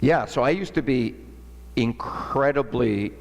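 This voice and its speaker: A male entrepreneur telling a story in an interview, animated and acting out the dialogue, with long hall reverb. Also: mid-range voice, a little slow, vocal fry. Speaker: entrepreneur guest.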